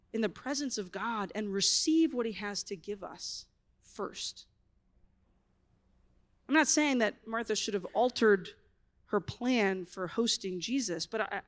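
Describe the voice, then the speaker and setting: A woman in her thirties giving a humorous, animated storytelling talk as a conference speaker. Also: fairly high pitch. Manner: animated, expressive, wry.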